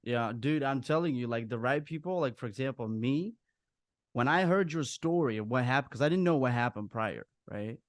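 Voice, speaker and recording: A man's voice: medium pitch, lively intonation, moderate pace, no room sound, studio quality. A man hosting a casual podcast interview, laid-back and loose, calling his guest bro and dude. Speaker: podcast host.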